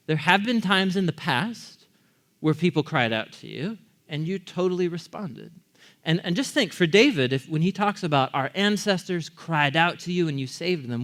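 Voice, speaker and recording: Conversational male pastor preaching. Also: a little high. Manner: conversational, asks the congregation questions. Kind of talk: sermon. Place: church.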